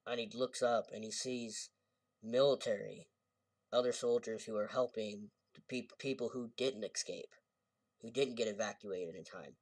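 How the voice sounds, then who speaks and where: A man's voice: mid-range voice, no room sound, recorded from a distance. A man giving a casual, rambling movie review, often correcting himself as he retells scenes.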